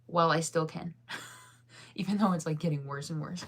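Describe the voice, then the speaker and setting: There's slight background noise as a woman in her thirties, deep-voiced yet a bit bright, chats casually at normal speed with her live chat. Tired and yawning, she rambles and keeps saying "like."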